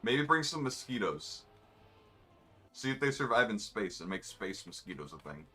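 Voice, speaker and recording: A man's voice: fairly low pitch, big pitch swings, normal speed, sharp tone. A man, rambling in wry, offhand asides while commenting on his racing game. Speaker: gamer streaming a race. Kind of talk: casual gameplay commentary.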